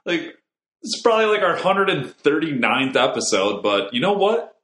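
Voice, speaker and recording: A man's voice: fairly high pitch, sing-song, normal speed, a bit bright, roomy sound. A man co-hosting a podcast, looking back nostalgically and chuckling as he talks. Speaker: podcast co-host. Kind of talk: casual podcast chat.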